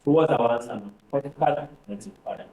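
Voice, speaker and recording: A man's voice: mid-range voice, brisk, mellow, slight background noise. Male tutor in an echoey classroom. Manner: repeats figures, quizzes students. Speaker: finance tutor. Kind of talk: classroom lecture. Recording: roomy, distant classroom recording.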